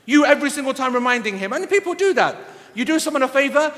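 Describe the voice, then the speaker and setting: Male lecturer; high-pitched, blunt, teasing scolding tone, echoing hall. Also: animated, quick pace, a bit bright. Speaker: Islamic lecturer. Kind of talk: sermon lecture.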